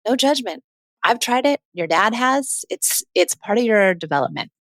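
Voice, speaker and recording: A woman in her forties hosting a parenting podcast, telling a family story in a chatty, animated way and acting out the quoted lines. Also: fairly high pitch, normal speed, no room sound, studio quality. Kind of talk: casual storytelling monologue.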